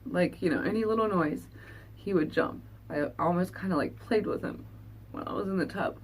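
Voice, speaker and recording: A woman with a slightly low voice tells a painful story from her own life, earnest and halting, pausing to find her words. She speaks as a vlogger talking straight to her viewers. A faint hum of room noise sits behind her. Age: adult. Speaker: beauty vlogger. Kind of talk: emotional personal storytelling.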